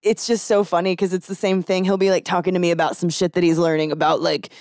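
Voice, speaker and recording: A woman's voice: on the low side, level tone, darkish tone, no room sound. Woman comic chatting, laughs a lot, dry close mic sound. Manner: laughs often, quick reactions. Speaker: comedian. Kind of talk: casual podcast chat.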